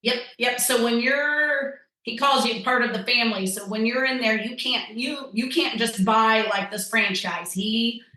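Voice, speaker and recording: A woman's voice: on the high side, measured pace, hardly any pauses, pushed and bright. A woman chatting casually as a podcast guest, rambling with lots of fillers. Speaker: guest, tasting-room wine server. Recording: echoey room.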